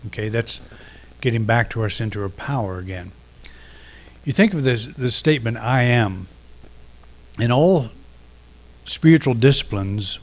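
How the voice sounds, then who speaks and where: A middle-aged man giving a reflective sermon, unhurried, pausing often and restarting phrases. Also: on the low side. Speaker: minister.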